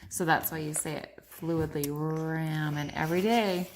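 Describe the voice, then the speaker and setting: A mother in her thirties patiently teaches her young child to read at home, chatting to the camera between words in a casual home video vlog. Her voice is low and fairly quick, recorded on a phone with faint background noise.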